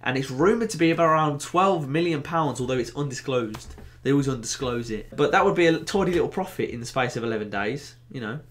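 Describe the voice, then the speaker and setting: A young man with a Birmingham accent hosting a casual football vlog, animated and jokey, with bursts of excitement. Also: mid-range voice, fairly quick. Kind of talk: casual to-camera football chat.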